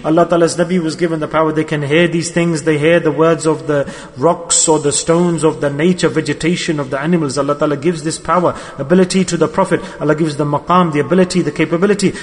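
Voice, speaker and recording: A man's voice: fairly high pitch, fairly even intonation, quick pace, hardly any pauses. A man preaching a sermon with emotive storytelling, repeating his key words. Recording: long hall reverb.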